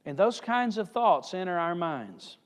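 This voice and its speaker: A male evangelist preaching a sermon with emphatic swings in pitch and loudness, recorded in a church hall. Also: sing-song, a little slow. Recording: reverberant hall.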